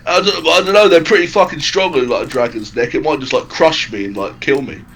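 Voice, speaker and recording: A man playing a tabletop game, thinking out loud in a rambling, speculative way full of fillers. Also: on the high side, brisk, a little hiss or hum. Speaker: player. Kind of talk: casual tabletop play.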